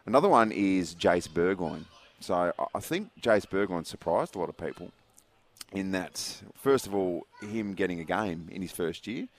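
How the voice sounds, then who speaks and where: A man's voice: low-pitched, animated, moderate pace. An Australian man co-hosting a sports radio show, chatting casually and laughing often. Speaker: radio co-host.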